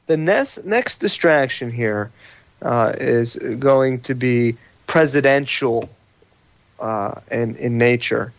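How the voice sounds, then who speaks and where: A male guest on a live talk radio show gives his views in a halting way, filling his pauses with uh. His voice sits in a middle range. The sound is close and dry. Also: mid-range voice, no echo.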